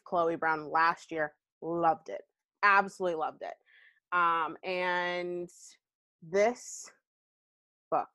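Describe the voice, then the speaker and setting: Woman host, chatty and unfiltered, slightly low voice, close and dry. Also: a bit bright, no room sound. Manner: chatty and candid, rambling asides with frequent likes and ums. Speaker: podcast host. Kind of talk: casual book review chat.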